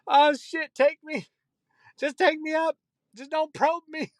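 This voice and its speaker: A man putting on the voice of a frightened blind male parolee, pleading frantically in a high, strained voice. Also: fairly even intonation, slow pace, dry recording, clean studio sound. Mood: panicked pleading.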